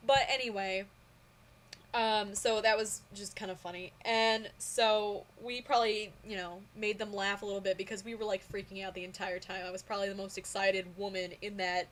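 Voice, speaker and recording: A young woman vlogger telling a story in a casual, excitable way, with lots of fillers and bursts of squealing excitement. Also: medium pitch, brisk.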